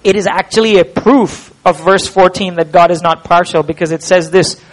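A man preaches in a voice pitched well above most men's. He is emphatic, drawing words out to stress the point and putting rhetorical questions to his listeners. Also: steady tone, normal speed, low-quality recording. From India. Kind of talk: expository sermon.

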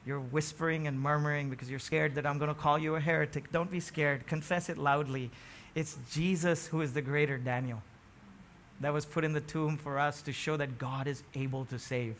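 Male preacher, high bright voice, emphatic sermon delivery with swings from quiet to loud, questions thrown to the congregation. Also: steady tone, moderate pace, slight background noise. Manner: emphatic, rising to near-shouts on key phrases, asks the congregation questions.

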